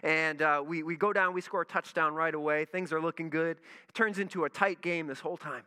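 A man, a pastor, telling a lively story in a sermon and acting out his own reactions. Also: fairly high pitch, a little fast, clear, resonant tone. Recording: long reverb in a large hall.

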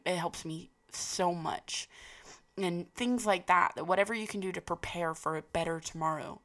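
A woman giving a casual, rambling personal talk, full of fillers and restarts, with a gravelly voice. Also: fairly low pitch, fairly bright tone.

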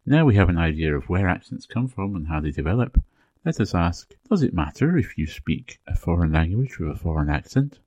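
A man from England speaking with a Received Pronunciation accent, giving a measured, clearly enunciated educational talk as a podcast host. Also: deep voice, sing-song, a little mellow, no echo, lo-fi sound. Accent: English Received Pronunciation.

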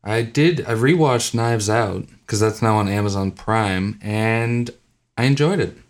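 A man hosting a podcast in casual chat, playful and sarcastic, who shifts to a brisk announcer tone for plugs. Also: lowish voice. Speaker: podcast host.

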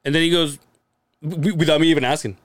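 On the high side and talking fast, this man is captured in a dry, clean studio recording. He's co-hosting a relaxed podcast, spinning animated family tales full of acted-out quotes, swearing and frequent laughter.

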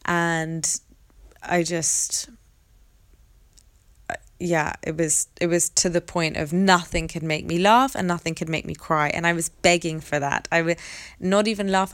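A young adult woman hosting a podcast, telling a personal story in a candid, reflective way with hesitant pauses. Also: low-pitched, no echo. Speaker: podcast host.

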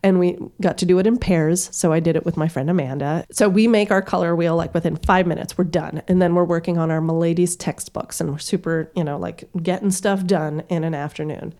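A woman's voice: lowish voice, fairly quick. A woman in her thirties telling a story as a podcast guest, acting out the voices of the people in it. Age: 30s. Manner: lively, acts out voices of classmates.

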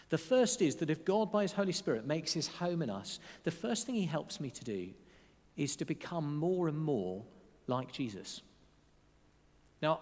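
An earnest male pastor delivers a sermon during a church service. His voice sits slightly high and moves expressively across a wide range, slowing down to stress key phrases. The sound rings with the long reverb of a large church hall. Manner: expressive, warmly earnest preaching with slowed emphatic phrases.

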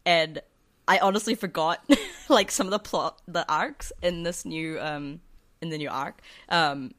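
A woman's voice: deep voice, a bit bright. A woman co-hosting a casual podcast chat, gushing and chatty with lots of fillers. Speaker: podcast co-host.

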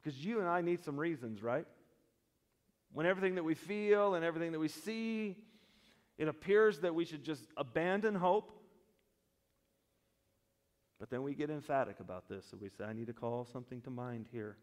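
A man preaching a sermon as pastor, switching between loud emphatic stretches and quiet, slow reflective passages, with humorous asides. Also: a little high. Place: church sanctuary. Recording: long church reverb.

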